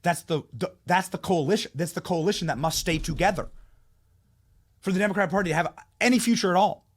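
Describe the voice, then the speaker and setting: Hosting a political commentary show, a man with a voice that sits high talks at a quick pace. His opinionated monologue is heated, mocking, and emphatic.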